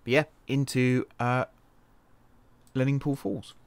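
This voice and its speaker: A man's voice: mid-range voice, fairly even intonation, slow pace, vocal fry, clean tone, no echo. A man from the UK giving casual, thinking-aloud commentary while playing a computer game, often changing his mind and correcting himself. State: wrist pain. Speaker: game let's-play host.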